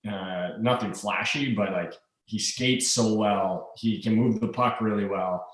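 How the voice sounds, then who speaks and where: A man's voice: lowish voice, fairly even intonation, roomy sound, distant mic, poor audio. A man in his thirties, a hockey player guest, chatting easily with lots of fillers and restarts. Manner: easygoing, halting with fillers and restarts. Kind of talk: casual interview chat.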